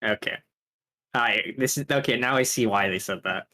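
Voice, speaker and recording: A woman's voice: extremely low pitch, moderate pace, pushed and bright. A woman chatting casually as a stream guest, reacting and joking. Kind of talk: casual chat.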